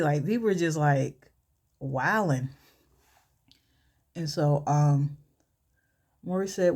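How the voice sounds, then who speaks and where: A woman's voice: sits low, takes it slowly, long pauses, dark tone. A woman casually telling a story during a makeup tutorial, chatty and full of fillers, with asides to herself as she works. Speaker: vlogger and storyteller.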